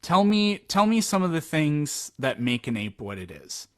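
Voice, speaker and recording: A man hosting a debate, calmly and persistently pressing his questions. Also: medium pitch, normal speed. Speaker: host, street debater.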